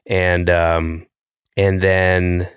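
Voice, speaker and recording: A middle-aged man from Atlanta, a podcast host, talking in a rambling, halting way with lots of fillers. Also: low voice, flat delivery, smooth, dry recording, clean studio sound. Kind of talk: casual interview chat.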